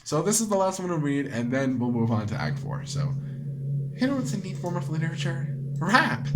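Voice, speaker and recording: A man hosting a casual game commentary, excitable and rambling, swearing freely. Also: on the high side, normal speed, very noisy. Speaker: let's play host.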